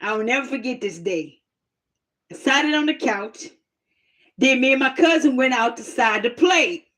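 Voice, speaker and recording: A woman casually telling a personal testimony story, animated and plain-spoken, laughing often. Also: a little high, normal speed. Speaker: host sharing a testimony.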